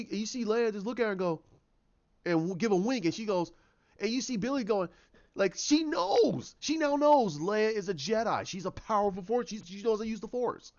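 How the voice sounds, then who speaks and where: A man with a fairly high voice walks through an imagined story scene by scene, tripping over restarts and dropping in sound effects as he goes. His retelling is casual and animated. The recording sounds dull and lo-fi. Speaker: channel host.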